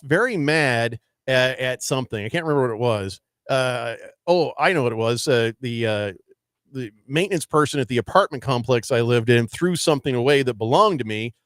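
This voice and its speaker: On his sports talk radio show, a man with a medium-pitched, fairly bright voice tells stories in a loose, rambling chat stuffed with fillers and restarts. A studio microphone captures clean sound without room noise.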